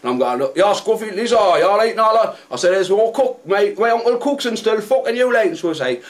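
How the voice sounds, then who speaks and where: A man's voice: high voice, lively intonation, fast. An actor playing a brash, boastful young Geordie chav man with a Geordie accent, telling crude rambling stories in a comic vlog. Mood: rambling story. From North East England. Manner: swaggering, crude, rambling storyteller. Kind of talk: comic character monologue.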